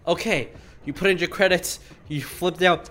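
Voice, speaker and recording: A man's voice: high voice, normal speed, a bit bright, slight background noise. A man running a tabletop game as game master, chatty and explaining rules as he makes them up.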